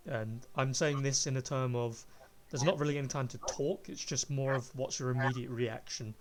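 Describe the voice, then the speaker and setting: Guy running a tabletop game, mid-pitched, describing the scene, a little background noise. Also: steady tone, normal speed. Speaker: game master.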